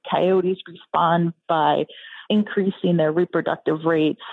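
Gravelly flat woman on a phone line. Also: lowish voice, slow, dry recording. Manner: earnest, explanatory. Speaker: conservation advocate.

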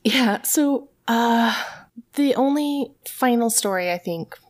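A woman from Tennessee who hosts a ghost story podcast, telling a story in casual chat, animated and sweary with lots of "like". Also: fairly high pitch, takes it slowly.

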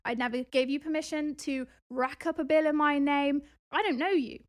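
High-voiced, indignant woman. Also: normal speed. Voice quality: animated, indignant retelling with exasperated outbursts. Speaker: podcast host and property investor. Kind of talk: casual storytelling podcast.

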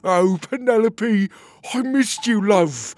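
A man's voice: high voice, lively intonation, slow, darkish tone, pitched above the performer's own voice. A man voicing a determined male platypus father in a storybook reading, sounding strained and eager. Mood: tender.

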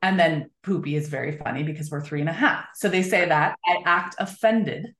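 A woman speaking as a guest author in a relaxed interview, her voice sitting on the lower side. She explains things earnestly, often pausing on "um" and "like." The recording has a noticeably roomy echo. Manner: earnest, explanatory, many fillers. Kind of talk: conversational interview.

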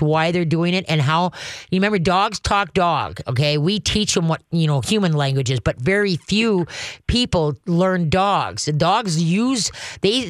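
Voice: mid-range voice, a bit bright, no echo, studio quality. A dog trainer giving call-in advice in a folksy, rambling way, often checking in with "okay?". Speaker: dog trainer answering a caller.

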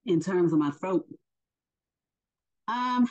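Woman, deep voice, mellow tone, unhurried faith lesson, dull lo-fi sound. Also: expressive. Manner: unhurried, hesitant, many fillers. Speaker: faith teacher. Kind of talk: casual spoken religious lesson. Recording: dull lo-fi recording.

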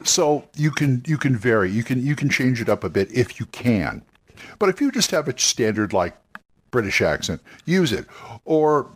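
Hosting a roleplaying game talk show, a man offers advice in a mid-range, breathy voice. His monologue is casual and rambling, full of self-corrections and encouragement for his audience.

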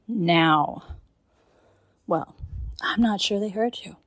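A woman performing a scripted dominant role-play monologue in a commanding, taunting manner, often dropping into breathy whispers. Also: mid-range voice, measured pace, pauses often, no echo. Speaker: narrator.

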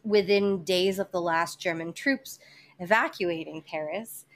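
A woman's voice: fairly low pitch, a little slow, a bit bright. A woman hosting a podcast, telling a history story in casual chat, with many fillers, restarts and some swearing. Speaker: podcast host presenting history.

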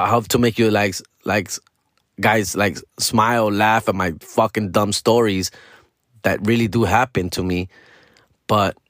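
A man's voice: on the low side, no room sound, studio quality. A middle-aged man venting in a casual, profane monologue, slipping into Spanish slang. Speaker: comedian podcaster.

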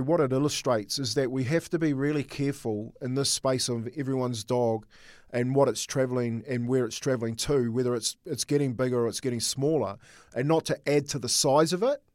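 A man's voice: medium pitch, normal speed, a little mellow, dry recording. Earnest middle-aged man, dry close sound. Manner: earnest, rambling storytelling with restarts. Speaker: co-host. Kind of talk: casual sports chat.

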